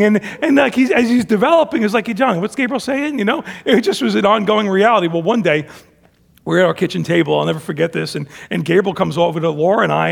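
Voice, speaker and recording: A man's voice: high voice, gravelly, in a large hall. A middle-aged man preaching a sermon as pastor, talking conversationally with frequent restarts and acting out bits of family dialogue.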